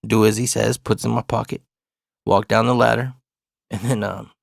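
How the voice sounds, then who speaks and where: A man's voice: fairly low pitch, flat delivery, normal speed, creaky, no room sound, studio quality. A man in his forties telling a personal story in laid-back, profane street talk. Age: 40s.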